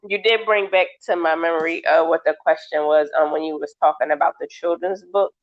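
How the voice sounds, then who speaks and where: A woman hosting an interview, relaxed and chatty, laughing often as she asks questions. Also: deep voice, brisk. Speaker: interview host. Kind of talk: casual interview chat. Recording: dull lo-fi sound.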